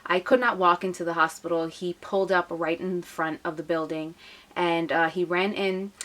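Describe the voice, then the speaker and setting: A woman's voice: lowish voice, fairly even intonation, normal speed, fairly bright tone. A young woman vlogger, emotionally retelling a personal story to camera. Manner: emotional, retelling with acted quotes.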